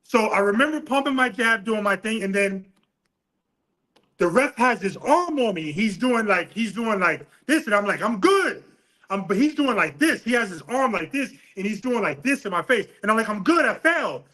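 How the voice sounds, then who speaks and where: A man's voice: sits high, normal speed, poor audio. A middle-aged man from New City, a boxing coach telling a story with laughs and swearing in a casual interview. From New York City. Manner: animated, laughing, profane storyteller.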